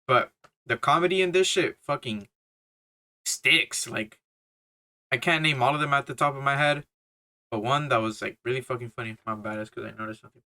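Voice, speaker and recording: A man's voice: mid-range voice, brisk, long pauses, bright, forceful tone. A young man giving a casual, rambling movie review, full of slang, swearing and fillers. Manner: swears a lot, laughs, filler-heavy slang.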